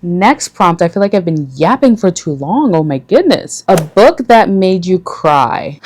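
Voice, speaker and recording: Chatty woman vlogger, lowish voice. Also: big pitch swings, measured pace, a little mellow. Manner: chatty, gushing, full of fillers and asides. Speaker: book vlogger. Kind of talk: casual book-tag vlog chat.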